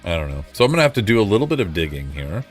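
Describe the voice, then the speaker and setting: Give me a low-voiced man chatting on a live stream, frustrated and self-mocking, with lively pitch and faint guitar behind. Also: rapid-fire. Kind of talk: casual live-stream chat.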